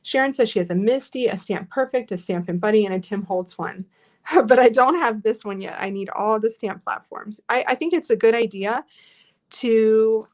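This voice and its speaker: A woman's voice: fairly high pitch, moderate pace. A woman teaching a live online scrapbooking class in a chatty, encouraging way, reading out viewer comments as she works.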